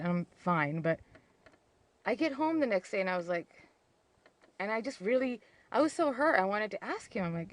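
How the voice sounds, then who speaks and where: A woman candidly recounting a painful relationship story in a vlog, emotional and rambling, full of "like" and restarts. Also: mid-range voice. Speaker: vlogger on narcissistic abuse.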